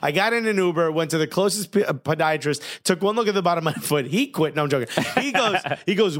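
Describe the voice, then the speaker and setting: A man hosting a podcast, telling a comic story in casual, animated chat. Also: high voice, very fast, hardly any pauses. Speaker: podcast host.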